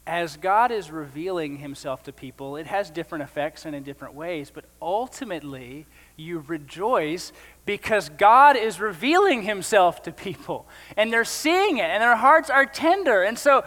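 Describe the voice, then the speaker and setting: Male pastor, high-pitched, conversational sermon delivery with jokey asides, church hall with long reverb. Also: lively intonation, moderate pace, pushed and bright.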